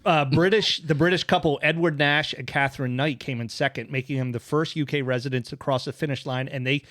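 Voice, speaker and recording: A man's voice: medium pitch, fairly even intonation, fairly quick, fairly bright tone, no room sound, clean studio sound. A man hosting a radio talk show, reading out quirky news items in rambling casual chat with many fillers. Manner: rambling, many fillers, enthusiastic about lists. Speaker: host. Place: radio studio.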